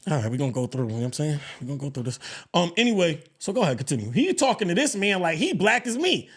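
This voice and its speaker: Animated, high-voiced man telling a story. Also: racing, slightly rough. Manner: animated storytelling, swears freely, swings pitch and loudness. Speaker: podcast co-host. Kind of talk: casual podcast chat.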